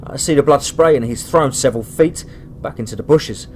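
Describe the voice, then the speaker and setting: A man reading a first-person horror story aloud, dramatic and rising to shouts. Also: mid-range voice, brisk.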